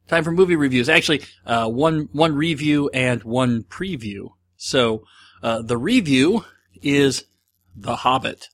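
An American man hosting a podcast, talking through movie reviews in a rambling, enthusiastic, casual solo monologue. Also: medium pitch. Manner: rambling, enthusiastic, chatty with many restarts. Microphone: audio-only recording, no video.

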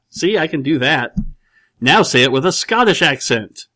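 A man's voice: on the high side, animated, normal speed, fairly bright tone. A man hosting a casual talk show, reading out listener questions in a rambling way, with dry, sarcastic humor. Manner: rambling, full of "like" and "you know". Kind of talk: casual chat.

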